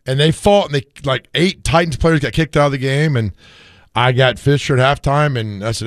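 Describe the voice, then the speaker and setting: A middle-aged man hosting a casual sports radio chat, slightly hoarse from screaming, telling stories with frequent laughter. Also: medium pitch, moderate pace, no echo, studio quality. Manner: animated storyteller, laughs often.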